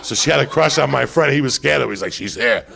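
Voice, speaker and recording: A man hosting a live podcast, telling rowdy, profane stories in a loud, animated way. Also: mid-range voice, very fast, creaky. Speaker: podcast host.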